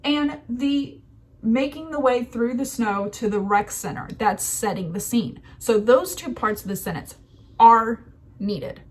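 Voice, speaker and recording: A woman's voice: on the high side, measured pace, a little hiss or hum. Chatty woman hosting a writing show. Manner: chatty, animated, laughs at herself. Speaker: writing video host. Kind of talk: casual writing commentary.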